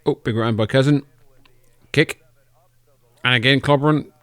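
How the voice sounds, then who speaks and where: A man's voice: medium pitch, fairly even intonation, moderate pace, a bit bright, dry recording. A podcast host, a man, casually calling old wrestling matches in a loose, joking and profane way. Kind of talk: casual play-by-play commentary over old footage.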